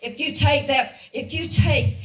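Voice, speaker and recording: A woman's voice: high-pitched, unhurried, fairly bright tone, far from the mic, low-quality recording. A woman giving a guest sermon, earnest and repetitive, often laughing lightly between her points. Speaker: guest speaker.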